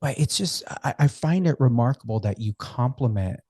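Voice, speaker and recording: A man's voice: mid-range voice, lively intonation, normal speed, mellow, dry recording, clean studio sound. An American man hosting a radio interview, chatty and enthusiastic as he asks questions. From United States. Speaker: radio host.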